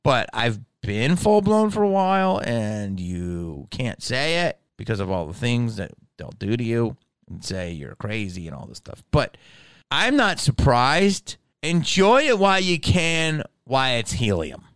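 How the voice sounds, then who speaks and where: A man's voice: medium pitch, big pitch swings, unhurried, a bit bright, clear, resonant tone, no echo. Profane, ranting male comedian. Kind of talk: comedic monologue vlog.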